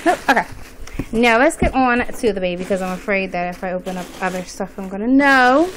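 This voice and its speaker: A woman filming an unboxing vlog, talking in a nervous, excited and gushing way. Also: medium pitch, brisk, slight background noise, poor audio. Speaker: vlogger. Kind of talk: unboxing vlog, casual chat.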